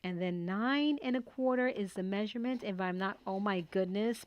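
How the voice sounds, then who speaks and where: A middle-aged woman hosting a papercraft tutorial, chatting casually and excitedly while she works and talking herself through each step at her desk at home. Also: medium pitch, normal speed, hardly any pauses, no room sound. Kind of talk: casual crafting tutorial chat.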